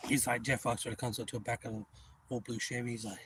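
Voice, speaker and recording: A man's voice: mid-range voice, little pitch movement, fast, fairly bright tone, a little hiss or hum. A man, casually retelling a funny story on his livestream in a rambling way. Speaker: livestream host.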